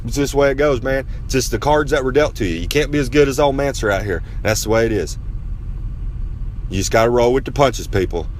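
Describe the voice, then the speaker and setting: Man doing a cocky pro-wrestler persona, mid-pitched, brags and rambles at the audience. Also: brisk, slight background noise, natural voice. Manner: cocky, rambling, talks down to listeners. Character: brash boastful male pro wrestler persona. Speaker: recurring segment host. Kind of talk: comedic rambling monologue.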